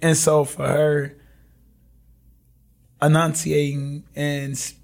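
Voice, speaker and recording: Young guy on a podcast, raspy gravelly voice, laughs a lot telling stories. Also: on the high side, slow pace. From Chicago. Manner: laid-back, laughing, animated storytelling. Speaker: podcast guest. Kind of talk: casual conversation.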